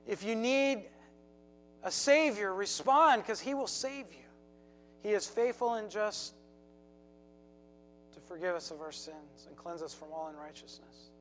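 Male pastor, high voice, unhurried sermon storytelling. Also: a bit bright, slight background noise, rough recording. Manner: storytelling with emphatic repeats, acted quotes.

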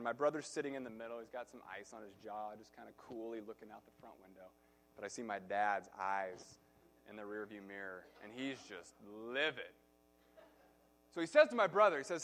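A male pastor preaching a sermon, telling a personal story in an animated way, swinging from soft to loud. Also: medium pitch, a little fast.

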